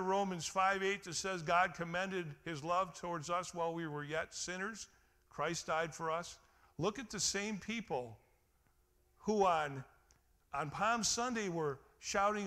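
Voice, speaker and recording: A man preaching a sermon in a high, bright voice. He swings from ringing exclamations down to quiet, low emphasis and calls out to his congregation for responses. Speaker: pastor.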